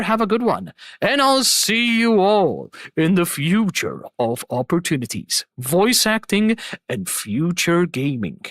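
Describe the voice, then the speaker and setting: A woman's voice: medium pitch, a bit bright, dry recording. A woman streamer signing off her stream in a casual, effusive, rambling way, repeating her thanks. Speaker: streamer and host.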